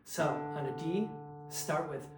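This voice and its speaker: A man teaching a choral diction lesson, demonstrating consonant and sung syllable drills in a patient, unhurried way. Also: fairly high pitch, reverberant, over loud music, poor audio. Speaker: vocal coach.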